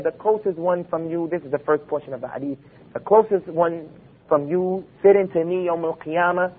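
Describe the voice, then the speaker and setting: A man giving an Islamic lecture, emphatic and full of rhetorical questions, quoting Arabic texts. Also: high-pitched. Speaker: preacher. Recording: phone-like lo-fi recording.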